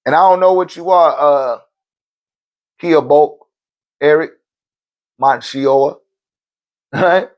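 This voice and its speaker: A man's voice: on the high side, slow pace, long pauses. A man teaching on a live-stream Q&A in loose, slangy talk, often checking in with his listeners. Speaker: spiritual teacher answering viewer questions.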